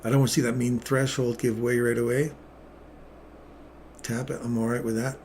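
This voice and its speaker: Excitable middle-aged man narrating trades. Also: mid-range voice, normal speed, vocal fry, a little hiss or hum. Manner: excitable, self-mocking, chuckles often. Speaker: day trader streaming live trades. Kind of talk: live trading commentary.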